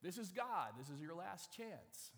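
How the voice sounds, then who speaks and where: A preacher doing a booming voice of God. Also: male voice, very animated, big-room sound, exaggerated voice. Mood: commanding. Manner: loud, commanding, slow. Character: booming male voice of God from heaven.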